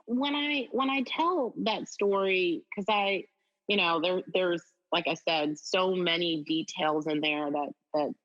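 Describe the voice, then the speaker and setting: A middle-aged woman, a guest on an interview, telling a personal story in an animated way with many fillers. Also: lowish voice, unhurried. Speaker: guest, district attorney. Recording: slightly dull audio.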